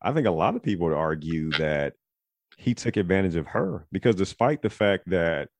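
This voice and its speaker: A man hosting a podcast in casual chat, rambling and digressive as he thinks out loud. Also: deep voice, big pitch swings, moderate pace, dry recording. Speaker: podcast host.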